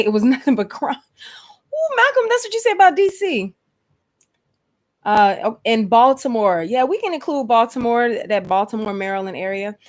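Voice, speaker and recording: Woman, mid-pitched, livestream host, chatty and expressive, says "honey" and "y'all" a lot. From Atlanta, Georgia, USA. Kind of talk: casual livestream chat.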